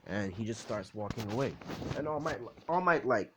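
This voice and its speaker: A man's voice: fairly low pitch, animated, moderate pace, slightly rough. A young man casually retelling a fan-made story, rambling and profane with lots of filler words.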